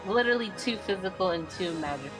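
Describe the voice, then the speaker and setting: A woman in a casual group game session, teasing and grumbling playfully at her friends. Her voice moves animatedly up and down in pitch. Game music is clearly heard under her. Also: animated, fast. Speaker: game player. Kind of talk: casual gaming chat.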